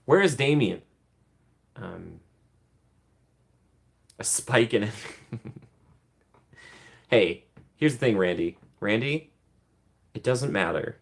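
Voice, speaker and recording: A man hosts a casual live Q&A stream, reading viewers' questions aloud and chatting back with frequent laughs and ums. His voice is on the low side and gravelly, with lively intonation, a slow pace, and long pauses.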